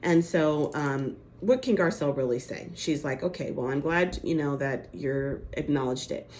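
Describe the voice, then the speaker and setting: A woman's voice: sits low, normal speed, darkish tone, a little hiss or hum. A woman giving a casual, chatty recap of a TV episode, full of "like" and "you know" and acting out the quotes. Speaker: reality TV recap host.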